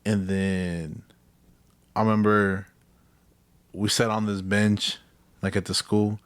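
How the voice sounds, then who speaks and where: A man's voice: lowish voice, flat delivery, slow, clear, resonant tone, dry recording. A young man, telling profane stories with lots of laughter as a podcast co-host. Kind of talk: casual chat.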